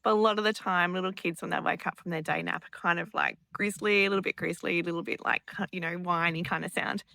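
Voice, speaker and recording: A woman in her thirties tells personal stories in a gentle, earnest way, often pausing on fillers. Her voice is bright and clear. The sound is dry and close, with almost no room in it. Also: lowish voice, fairly even intonation, dry recording. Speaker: spiritual vlogger and mother. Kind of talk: casual storytelling to camera.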